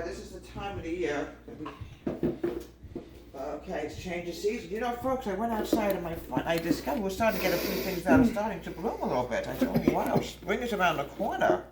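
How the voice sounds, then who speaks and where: A woman hosting a home baking video, chatting in a homespun way, calling her viewers folks and drifting into small talk as she works. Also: fairly low pitch. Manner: chatty and homespun, often calls the viewers "folks" and wanders off topic. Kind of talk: casual cooking demonstration. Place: home kitchen. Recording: echoey kitchen with background noise.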